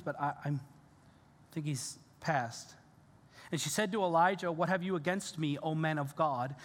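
A male pastor preaching a sermon, earnest and animated, with casual fillers and restarts. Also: a little high. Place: church sanctuary. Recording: church hall reverb.

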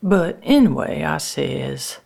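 A woman telling a first-person story in folksy rural dialect, with halting restarts. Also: sits low, very animated, vocal fry, a little mellow.

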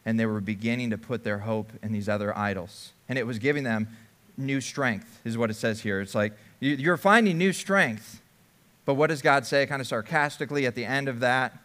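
A man's voice: medium pitch, fairly even intonation, fairly quick, fairly bright tone. Man preaching a sermon. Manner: reads scripture then preaches conversationally. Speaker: pastor.

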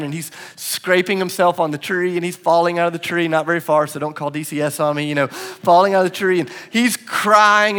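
A man's voice: fairly high pitch, fairly bright tone. A man in his thirties preaching a sermon in a church, telling a family story with playful self-mockery and emphatic repetition. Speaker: pastor. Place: church sanctuary.

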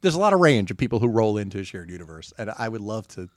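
A man hosting a casual comedy chat, animated and quick to laugh, often slipping into impressions. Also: on the low side, no room sound, studio quality.

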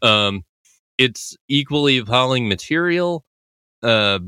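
A man's voice: mid-range voice, expressive, slow pace, pushed and bright, clear, resonant tone, dry recording, clean studio sound. A man hosting a show, casually breaking down a TV episode in a loose, rambling way, full of filler words and laughing often. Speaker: podcast host analyzing a TV episode. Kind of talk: casual commentary.

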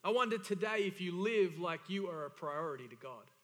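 High, bright-voiced emphatic male pastor. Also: animated, a little fast. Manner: emphatic, repeats key phrases for stress. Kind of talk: sermon. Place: church hall. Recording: church hall reverb.

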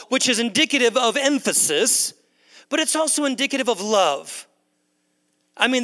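A man's voice: high voice, bright, forceful tone. A man preaching a sermon in a large church hall, emphatic and repetitive, calling the crowd "guys". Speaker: pastor. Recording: long echo of a large hall.

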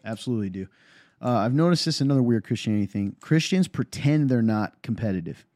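A man, a pastor, co-hosting a casual talk show and telling stories in a quick, emphatic way. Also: mid-range voice, no echo, clean studio sound. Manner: animated storyteller, quick and emphatic. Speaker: pastor and podcast co-host. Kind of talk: casual chat.

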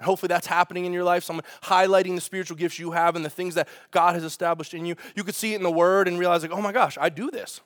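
A man preaching a sermon as pastor, in an animated, conversational way, asking the congregation rhetorical questions. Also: high-pitched, very fast, hardly any pauses, no room sound, studio quality.

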